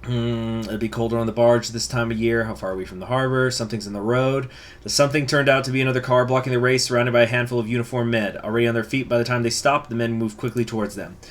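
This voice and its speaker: Talking fast in a mid-range voice with fairly even intonation, a man runs a strategy game let's play. Between read-aloud event passages, he tosses in casual jokes.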